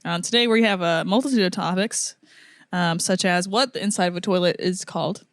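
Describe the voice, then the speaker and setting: A woman's voice: on the low side, brisk, dry recording, studio quality. A young woman from the United States co-hosting a podcast, chatting casually and telling stories with frequent giggles. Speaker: podcast co-host. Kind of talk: casual chat.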